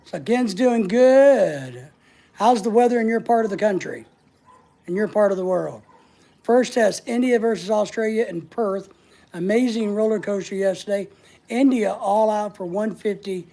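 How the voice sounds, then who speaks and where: A woman's voice: medium pitch, normal speed, creaky, warm tone. A woman hosting a casual livestream, answering viewer comments in a playful, teasing way and laughing often. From United States. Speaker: livestream host.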